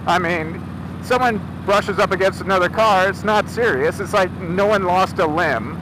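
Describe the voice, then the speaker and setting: A man's voice: sits high, moderate pace. A man vlogging outdoors, animatedly retelling a confrontation and acting out both sides. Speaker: motorcycle vlogger. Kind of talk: casual storytelling. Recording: noisy outdoor recording.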